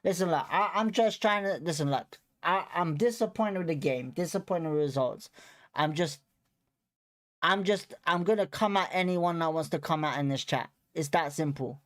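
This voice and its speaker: A man's voice: on the high side, moderate pace. Angry swearing young man fan host. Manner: swearing, repetitive, frustrated, blunt. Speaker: football watchalong host. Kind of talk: heated post-match fan rant.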